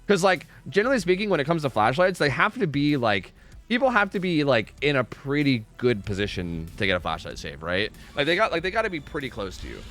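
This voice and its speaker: Faint music sits behind this live game streamer, whose slightly high voice is sing-song, brisk and a bit bright. He keeps things relaxed, cursing a lot and talking with his audience as he comments.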